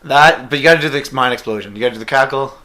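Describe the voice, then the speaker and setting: A man with a Canadian accent in casual podcast chat, excitable and rambling, breaking into loud laughter. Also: medium pitch, rapid-fire. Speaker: podcast guest.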